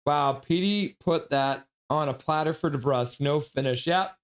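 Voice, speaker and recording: A stream host calling hockey play-by-play live in an excitable manner, reading chat between quick calls. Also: mid-range voice.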